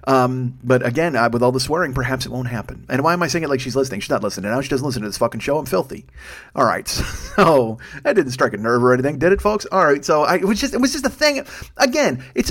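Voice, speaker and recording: A man in his fifties hosting a podcast with a profane, self-deprecating, rambling comedic monologue. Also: fairly high pitch. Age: 50s. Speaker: podcast host.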